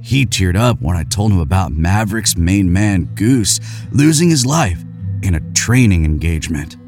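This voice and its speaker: A man with a fairly low voice tells a comic story in the first person. His delivery is deadpan and boastful, yet his pitch moves a great deal. Faint music plays underneath. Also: normal speed. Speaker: narrator.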